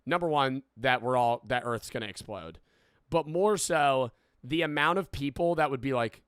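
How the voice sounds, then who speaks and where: A man's voice: medium pitch, moderate pace, a bit bright, clean tone, no room sound, studio quality. A man in his twenties reacting to a video, rambling and swearing with laughing asides. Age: 20s. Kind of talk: casual reaction commentary.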